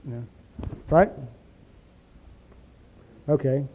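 A man teaches scripture in a chatty sermon, walking through a passage line by line. His voice sits high. The recording is thin and phone-like. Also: drawn-out words, a little hiss or hum. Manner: conversational, explaining scripture verse by verse. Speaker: preacher.

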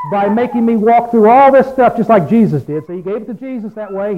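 A man preaching a folksy, plain-spoken sermon, often asking his listeners questions. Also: high voice. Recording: phone-like lo-fi radio broadcast.

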